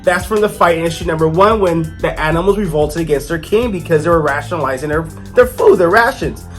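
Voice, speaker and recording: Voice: mid-range voice, a little fast, soft background music. A comic book reviewer hosting their own channel, narrating a story casually with jokey asides.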